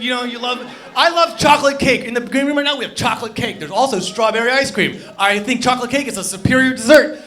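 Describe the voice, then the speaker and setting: High-voiced man doing stand-up. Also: brisk. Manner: animated, swings between loud bursts and low mutters. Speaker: stand-up comedian. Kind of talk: stand-up comedy set. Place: comedy club stage.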